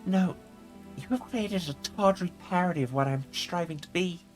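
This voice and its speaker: A man's voice: high-pitched, normal speed, faint music behind, pitched above the performer's own voice, lightly acted. A man voicing an indignant, scornful female succubus.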